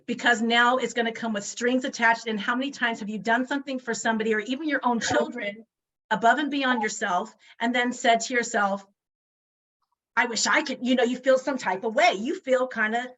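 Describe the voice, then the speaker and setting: A woman's voice: a little high, a little fast, fairly bright tone. A woman in her forties giving a motivational talk over a video call, emphatic and full of rhetorical questions. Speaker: guest speaker.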